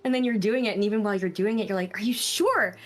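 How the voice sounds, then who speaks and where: A young woman guest in a casual conversation about voice acting, expressive, demonstrating voices by jumping her pitch high and low. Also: very fast. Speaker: guest, voice actress.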